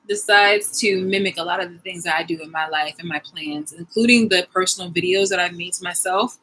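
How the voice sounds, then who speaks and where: A young adult woman giving a casual vlog monologue, animated and slang-heavy, swearing and laughing as she tells stories. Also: fairly low pitch, slightly rough, low-quality recording. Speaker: vlogger.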